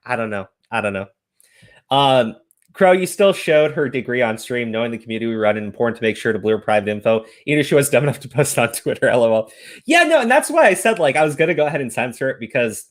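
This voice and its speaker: A man ranting profanely in casual stream commentary. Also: mid-range voice.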